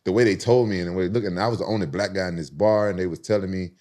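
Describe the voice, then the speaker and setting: A man's voice: low-pitched, rapid-fire, a little mellow. A man from the South, telling a rambling, profane story with frequent restarts on a casual podcast. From Southern United States.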